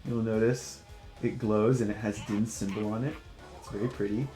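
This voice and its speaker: A man's voice: lowish voice, fairly even intonation, normal speed, reverberant, over music. A man hosting a casual gaming chat, laughing often as he explains game mechanics. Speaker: gameplay host.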